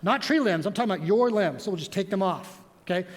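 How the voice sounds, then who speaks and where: Male pastor, high voice, lively storytelling sermon, long church reverb. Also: quick pace, few pauses. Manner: animated storytelling with props. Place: church sanctuary.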